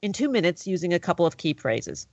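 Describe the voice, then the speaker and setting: A woman's voice: lowish voice, sing-song, fast, no echo. Enthusiastic woman hosting, dry dull sound. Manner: enthusiastic, warmly affirming. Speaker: podcast host. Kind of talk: conversational interview.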